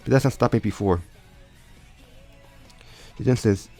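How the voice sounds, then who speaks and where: A man's voice: medium pitch, measured pace, vocal fry, a little mellow. A man casually improvising a story aloud, often stumbling and restarting his sentences. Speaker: storyteller retelling a fan crossover story. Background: faint background music.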